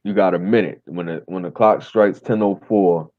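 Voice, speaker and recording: Blunt, playful male co-host, low voice, dry tinny call audio. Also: moderate pace, no echo. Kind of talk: casual livestream chat.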